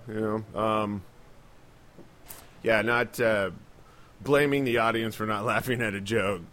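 A man's voice: lowish voice, steady tone, measured pace, long pauses, fairly bright tone. A man chatting casually on a podcast as a comedian, telling profane club stories and mimicking people. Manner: profane, loose storytelling with mimicked voices.

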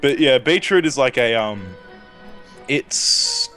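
A man with an Australian accent speaking at a middling pitch, trading blunt banter on a podcast. He swears constantly and talks casually, never formally. Faint music plays behind him. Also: lively intonation, slow, sharp tone. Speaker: podcast co-host.

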